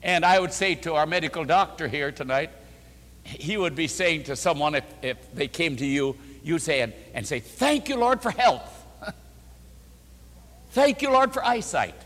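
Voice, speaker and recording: An older male pastor preaches with a lively, swooping voice, acting out the people in his story. His words ring out in a large hall with a long echo. The pitch sits a little high for a man. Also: moderate pace. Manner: emphatic, repeats phrases for rhythm, acts out quoted speech. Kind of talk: sermon with storytelling. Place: church or meeting hall before an audience.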